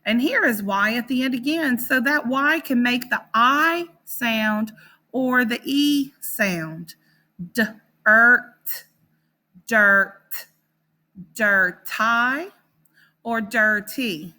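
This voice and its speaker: A woman teaches young children to read, stretching each word out and sounding it out piece by piece. Her voice is bright and sits a little high. She speaks at a very slow, patient pace. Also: expressive. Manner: sounds out words slowly and encouragingly.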